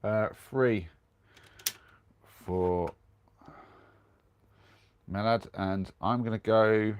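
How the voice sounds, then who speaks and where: A man's voice: fairly low pitch, fairly even intonation, drawn-out words, smooth, lo-fi sound. A young man with a cold, chatting casually on a live stream from inside his camper van, rambling along and reading out viewer comments. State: has a cold.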